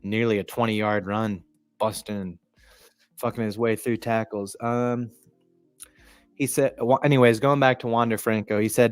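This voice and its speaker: Man, live-stream sports host, casual swearing, rambling, throat-clearing, lowish voice, dry close sound, faint music underneath. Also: fairly even intonation, unhurried, no room sound. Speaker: livestream sports commentator.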